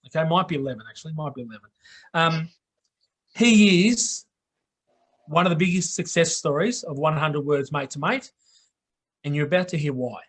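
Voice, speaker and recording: A man's voice: a little high, moderate pace, pauses often, a bit bright. A middle-aged Australian man hosting a live online talk show in a blokey, down-to-earth way, often checking in with "okay?". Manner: blokey, repeats "okay?" for emphasis. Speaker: host.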